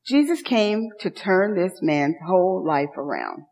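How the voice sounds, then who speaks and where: A woman's voice: mid-range voice, sing-song, a little slow, a little mellow. A woman preacher giving an emphatic, repetitive sermon and calling out to her congregation in a church. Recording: long hall reverb, dull lo-fi sound.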